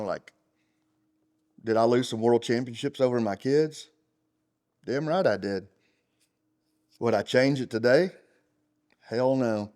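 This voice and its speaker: A middle-aged man, a champion rodeo roper, talking in an unfiltered interview. He is blunt and profane, rambles with fillers, and gets loud and heated. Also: lowish voice. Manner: rambling, full of fillers like "you know" and "like". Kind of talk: unfiltered casual interview talk.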